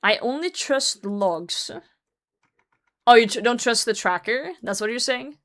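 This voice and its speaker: A woman's voice: fairly high pitch, animated, measured pace, fairly bright tone. A woman streamer chatting casually and reading a story aloud, breaking in with blunt, profane commentary and frequent laughter. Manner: blunt, swears often, laughs through her reading.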